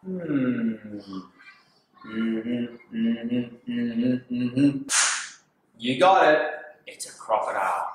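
A man's voice: medium pitch, lively intonation, drawn-out words, slight background noise. A man, a kindergarten teacher, reading a picture book to small children in a playful, exaggerated sing-song voice. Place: empty kindergarten classroom. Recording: echoey room.

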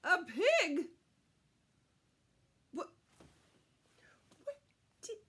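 A woman's voice: very high voice, wildly swooping pitch, very slow, fairly bright tone. A woman reading a picture book aloud to children, playful and exclamatory in a sing-song manner. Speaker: children's storyteller. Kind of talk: storytime read-aloud for kids.

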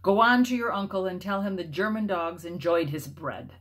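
A contemptuous soldier barks and sneers his words, harsh and mocking, voiced by a woman reading a storybook aloud. The voice sits a little low and cuts with scorn. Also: moderate pace, a bit bright, lightly acted. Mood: scornful.

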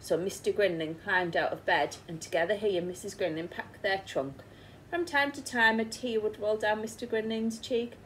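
An English woman teacher reads a picture book aloud in a clear, mid-pitched voice. She speaks to children and stops to ask them questions. Faint noise runs behind her. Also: moderate pace, fairly bright tone, rough recording. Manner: asks the listening children questions. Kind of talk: storybook read-aloud.

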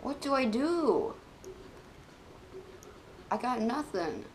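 An excitable woman commentating her own gameplay, her pitch leaping up and down as she yelps at near misses and then drops to low mutters. She talks into a desk mic, with a faint hiss of room noise under her voice. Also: takes it slowly. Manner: excitable, exclaims often, swings between loud outbursts and quiet mutters. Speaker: gaming channel host. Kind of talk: let's play commentary.

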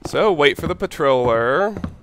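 A man hosting a let's play, calmly and methodically planning his moves aloud as he commentates. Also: fairly high pitch, measured pace, slight background noise. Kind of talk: gameplay commentary.

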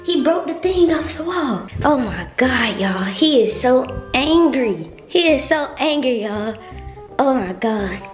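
A woman's voice: sits high, lively intonation, takes it slowly. A young woman filming a prank vlog at home, teasing her boyfriend in slangy, repetitive talk. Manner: teasing, repeats herself, slangy. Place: home, indoors. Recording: echoey room with music underneath. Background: background music.

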